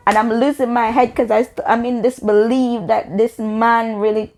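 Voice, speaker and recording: A young woman telling a storytime vlog, animated and emphatic, slipping into patois. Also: fairly high pitch, moderate pace, few pauses. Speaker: vlogger.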